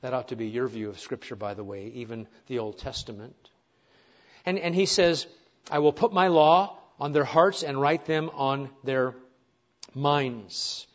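A man's voice: mid-range voice, a little slow, lo-fi sound. A man preaching a sermon to his congregation, earnest, with rhetorical questions and wry asides. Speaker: pastor.

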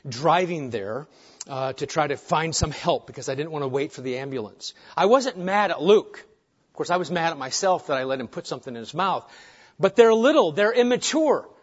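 A middle-aged man preaching a sermon as pastor, swinging between hushed asides and loud, emphatic points. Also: a little high. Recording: dull lo-fi sermon recording.

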